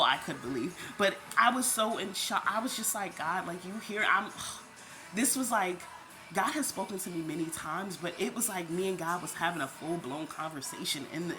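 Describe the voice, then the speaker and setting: A woman with a lowish voice tells her faith story straight to the camera, emotional and close to tears, calling her viewers "y'all". Music plays under her voice throughout. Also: lively intonation, moderate pace. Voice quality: tearful, emotional, repeats herself. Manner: talks straight to viewers, addresses them as "y'all". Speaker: vlogger sharing a faith testimony. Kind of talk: emotional personal testimony.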